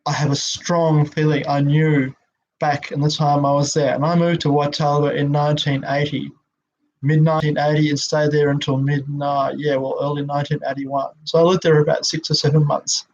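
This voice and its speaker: A man's voice: on the high side, little pitch movement, normal speed, a little mellow, slight background noise. A sixty-year-old Australian man, an out-of-work actor, rambling through a heartfelt spoken monologue and swearing when upset, on a dull lo-fi recording. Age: 60s.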